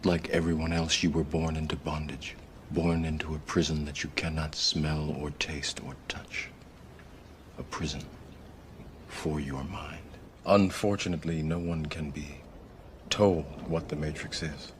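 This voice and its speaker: An actor playing a calm male mentor who speaks slowly and solemnly, sometimes dropping to a hush. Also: extremely low pitch, a little hiss or hum. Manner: slow, solemn, hushed dips to near whisper. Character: grave, calm male mentor revealing hidden truth. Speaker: mentor figure in a film. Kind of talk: dramatic film dialogue. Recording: film clip with music behind.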